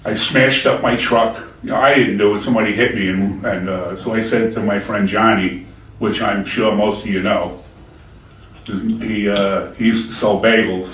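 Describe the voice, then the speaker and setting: An older man in his sixties gives a halting, plainspoken testimony with many fillers. He is heard from a distance in a roomy space, with a faint hum of the room behind him. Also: lowish voice, steady tone, a bit bright. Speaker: church member giving testimony. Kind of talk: personal testimony. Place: church.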